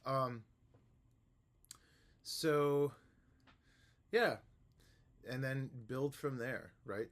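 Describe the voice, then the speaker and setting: A man who teaches music, explaining a method to the camera in a relaxed, rambling way with many fillers and restarts. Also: medium pitch, very slow, long pauses. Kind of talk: casual instructional talk to camera.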